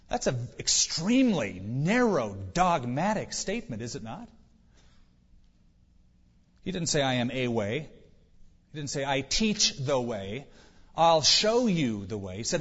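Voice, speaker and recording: A pastor preaching a sermon in a conversational way, with rhetorical questions and dry humor. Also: male voice, fairly high pitch, breathy edge. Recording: dull, lo-fi sound in a reverberant hall.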